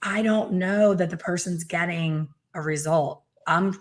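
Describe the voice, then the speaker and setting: A middle-aged woman hosting a casual chat over a video call as a hair color teacher, talking in a chatty, animated way with playful, self-mocking asides. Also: lowish voice, a little slow. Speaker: hair color educator and host.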